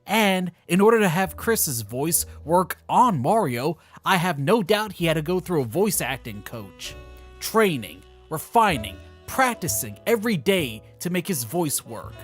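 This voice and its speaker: Sarcastic male commentary narrator, lively pitch. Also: a little slow, slightly rough, soft background music. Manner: sarcastic, mocking asides. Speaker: video commentator.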